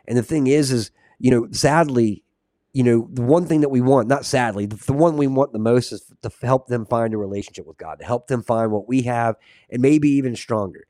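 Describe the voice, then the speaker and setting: A man preaches in a loose, earnest podcast style, reading verses aloud and breaking off into fervent asides. His voice has a mellow, darker tone at an ordinary pitch. The sound is dry and close, with no room around it. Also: a little fast, no room sound. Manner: earnest, reads verses aloud, drifts into asides to chat viewers; fillers and restarts, fervent and condemning tone. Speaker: Christian podcast host. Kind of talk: casual preaching with scripture reading.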